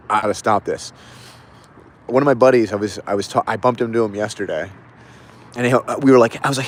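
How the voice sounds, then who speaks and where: A man hosting a casual livestream, telling a reflective story in a halting, rambling way with many restarts. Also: mid-range voice, a little hiss or hum. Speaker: livestream host.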